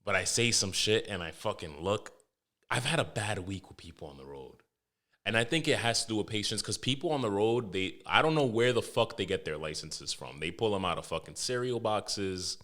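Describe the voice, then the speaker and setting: A young man hosting a podcast, telling stories in a loose, animated way, swearing heavily and restarting his sentences. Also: lowish voice, moderate pace. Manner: animated storytelling, heavy swearing, frequent restarts. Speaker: podcast host. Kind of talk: casual podcast monologue.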